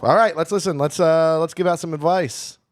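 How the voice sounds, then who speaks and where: A man's voice: a little high, steady tone, a little fast, no echo, clean studio sound. A man co-hosting a comedy podcast, chatting casually with crude jokes and rambling asides. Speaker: podcast co-host.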